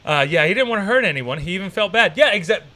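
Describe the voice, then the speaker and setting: A man hosting a stream, reacting to clips in a rambling, profane, excitable way. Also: high-pitched, fast. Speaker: streamer host. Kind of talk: casual reaction commentary.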